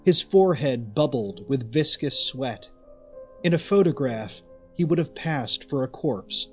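Male narrator, audiobook reading, very slow, faint music. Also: mid-range voice, animated. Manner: slow, deliberate storytelling.

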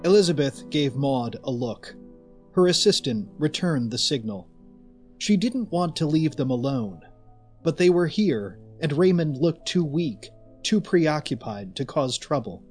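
A male narrator reads a scripted serial story very slowly and deliberately, his voice slightly high for a man. Soft music plays faintly underneath. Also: animated.

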